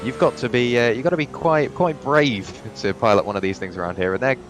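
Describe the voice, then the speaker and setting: A man's voice: medium pitch, fairly quick, slight background noise. A young man doing live sim racing commentary, chatty and rambling, with frequent restarts and asides.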